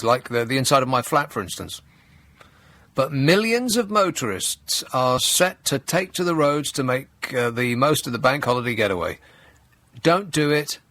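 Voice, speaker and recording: Male radio host, dry sarcasm, lively swings in pitch, studio mic. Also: dry recording. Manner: sarcastic, mock-outraged asides while reading news. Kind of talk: comedic talk radio monologue. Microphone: studio microphone.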